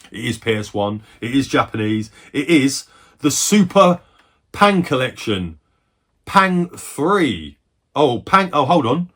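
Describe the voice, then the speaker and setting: Low husky-voiced man in his forties. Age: 40s. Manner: rambling and chatty, swears freely, quick bursts of excitement. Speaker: retro game collector. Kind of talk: casual chat.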